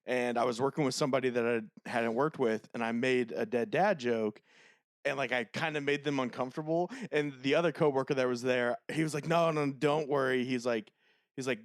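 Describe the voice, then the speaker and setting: A man co-hosting a podcast, telling stories in casual chat with frequent laughter and dark jokes. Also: medium pitch, steady tone, fairly quick, dry recording, studio quality. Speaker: podcast co-host.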